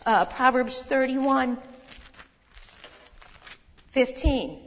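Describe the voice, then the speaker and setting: A woman preaching a sermon in a conversational, emphatic way, with quick asides and self-corrections. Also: a little high. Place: church hall. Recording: long hall reverb.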